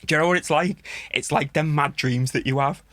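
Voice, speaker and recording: A man from the Wirral with a Merseyside accent, a podcast guest telling stories in a relaxed, sweary way and often laughing. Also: fairly high pitch, fairly quick, no room sound. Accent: Merseyside English. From Wirral, England. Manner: laid-back, sweary, laughs through his stories. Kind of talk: casual storytelling chat.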